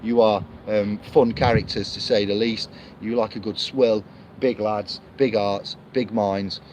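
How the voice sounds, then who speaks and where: A man's voice: on the low side, steady tone, a little slow, a little mellow. A man rambling casually to camera, reviewing a book, with lots of fillers and restarts. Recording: muffled lo-fi audio with clear street noise.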